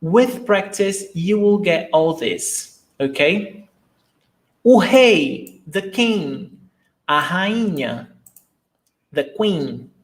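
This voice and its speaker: Brazilian guy teaching portuguese online, bit high voice, takes it slow and patient. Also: lively intonation. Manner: patient, encouraging explanations. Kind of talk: online language lesson.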